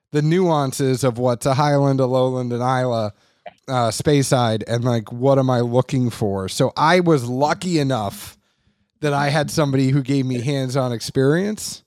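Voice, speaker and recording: A man's voice: mid-range voice, a little mellow, no room sound, studio quality. A man hosting a casual podcast chat, telling stories in a rambling way and correcting himself as he goes. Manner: rambling, self-correcting storyteller. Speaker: podcast host.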